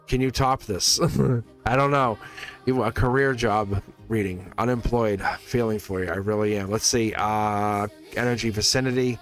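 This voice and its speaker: A man's voice: fairly low pitch, fairly even intonation, moderate pace, soft background music. A man giving live-stream tarot readings to viewers in a rambling, earnest way, often restarting his sentences and getting emotional.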